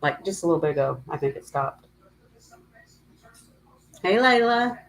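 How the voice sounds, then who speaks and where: A woman's voice: low voice, steady tone, fast, vocal fry, a little mellow, a little hiss or hum, rough recording. A middle-aged woman hosting a casual livestream chat, talking in a rambling, emotional way and greeting viewers by name. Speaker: livestream host.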